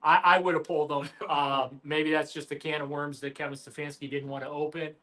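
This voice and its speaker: A man's voice: on the high side, little pitch movement, fairly quick, sharp tone. A man co-hosting a sports radio show, talking animatedly about a football game with emphatic asides and restarts. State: has the hiccups. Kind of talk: casual sports talk.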